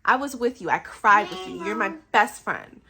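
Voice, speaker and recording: A woman's voice: mid-range voice, lively intonation, moderate pace, pushed and bright, a little hiss or hum. A woman voicing a desperate grown man who insists he is innocent and pleads with his best friend, as she retells a story. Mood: pleading.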